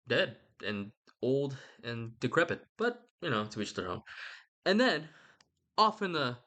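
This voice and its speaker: A man's voice: mid-range voice, bright, forceful tone. A man rambling casually about a book, slangy and irreverent, often stopping to correct himself. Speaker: video essayist.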